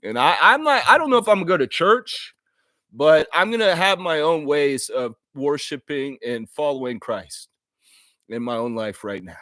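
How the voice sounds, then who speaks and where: A man's voice: on the high side, expressive, normal speed, bright, forceful tone, no room sound, clean studio sound. A man hosting a live fan stream, talking earnestly and emotionally in a heartfelt, apologetic way, often restarting his sentences. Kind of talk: unscripted live stream monologue.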